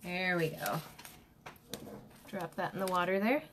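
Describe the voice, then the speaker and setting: A woman's voice: on the low side, unhurried, background noise. A woman hosting a casual craft demonstration, chatting and greeting viewers by name as she works. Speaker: craft livestream host.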